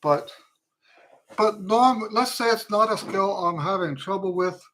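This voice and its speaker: A man teaching trumpet on a live-stream Q&A, tired and weak with a fading voice, speaking slowly and repeating his key points for emphasis. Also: sits high, fairly bright tone.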